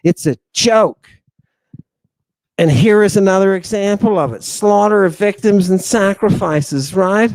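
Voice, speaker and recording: A man's voice: a little mellow, no echo. Emphatic man lecturing, constant "right?". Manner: emphatic, repeats rhetorical questions like "do you understand" and "right"; drawn-out stresses, swings between low murmurs and raised exclamations. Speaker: podcast host lecturing on ancient texts. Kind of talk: animated lecture to a live audience.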